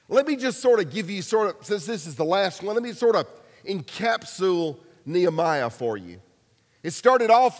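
A pastor preaching a sermon, telling stories casually with humor and acted-out quotes. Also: male voice, sits high, big-room sound.

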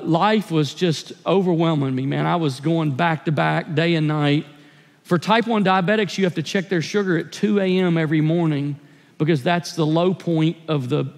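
High-voiced pastor in a reverberant church. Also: male voice, moderate pace, gravelly. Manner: earnest, confessional storytelling. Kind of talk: sermon. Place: church sanctuary.

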